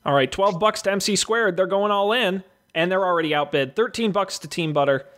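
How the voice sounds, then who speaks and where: A man's voice: high-pitched, fairly quick, a bit bright. A man hosting a casual show, reading out movie blurbs and calling bids like a jokey auctioneer. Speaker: host running a movie draft auction. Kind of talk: casual podcast chat.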